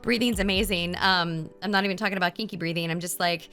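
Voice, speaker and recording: A woman's voice: lowish voice, steady tone, fast, fairly bright tone. A woman hosting a casual livestream chat, candid and sweary. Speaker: streamer host.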